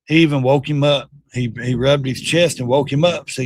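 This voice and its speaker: Commenting casually on clips during his livestream, a middle-aged host is blunt and animated, cursing and ridiculing. His voice sits at medium pitch, with fairly even intonation and a moderate pace.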